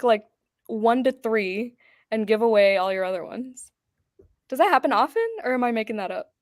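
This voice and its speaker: A woman's voice: fairly high pitch, normal speed, no room sound. Chill woman chatting and teasing on a video call, casual swearing, dry mic. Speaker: booktube host. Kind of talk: casual chat.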